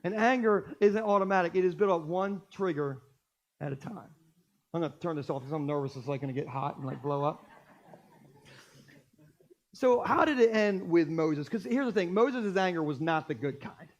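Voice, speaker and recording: Male pastor, higher-pitched voice, animated sermon with humor, church setting. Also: normal speed. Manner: animated, jokey storytelling. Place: church stage.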